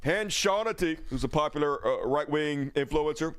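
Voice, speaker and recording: A man's voice: on the high side, expressive, moderate pace, hardly any pauses, a bit bright, clean tone, no echo. Angry ranting male streamer. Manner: angry, profane, sarcastic. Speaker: livestream host. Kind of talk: political commentary rant.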